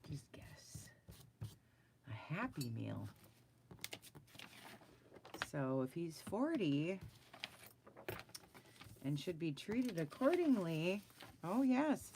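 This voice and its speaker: A middle-aged woman talks bluntly and animatedly to live viewers from her desk while she draws. Her voice sits very low and gravelly. A faint hiss sits under her talk, along with pen clicks and scribbling. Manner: chatty, blunt, animated, laughs often. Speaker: vlogger chatting with live viewers. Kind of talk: casual chat while drawing. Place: at a desk indoors.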